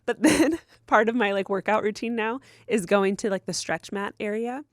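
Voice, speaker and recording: A woman's voice: mid-range voice, moderate pace, dry recording, clean studio sound. A woman co-hosting a podcast in casual chat, laughing often and saying "like" a lot. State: recovering shoulder fracture. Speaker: podcast co-host.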